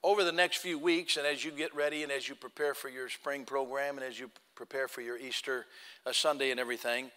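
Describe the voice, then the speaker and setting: A male pastor preaching a sermon, telling a story and acting out the voices in it, swinging between loud and hushed. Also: medium pitch, steady tone, brisk, smooth. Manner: acts out quoted dialogue, swings from loud to hushed. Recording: long hall reverb.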